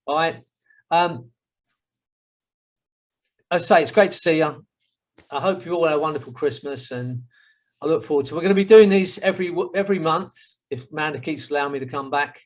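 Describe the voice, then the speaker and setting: A middle-aged hypnotherapist with a London accent speaks to a group over a video call. His voice sits a little high for a man, and he moves between slow, soothing suggestions and relaxed, friendly chat. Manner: soothing counting suggestions, then chatty and upbeat.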